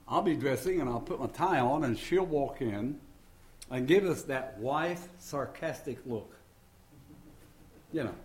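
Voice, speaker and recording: A man's voice: fairly high pitch, a little mellow, slight background noise. An older man preaching a sermon in a folksy way, mixing scripture with jokes and homespun stories. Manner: folksy, joking storyteller.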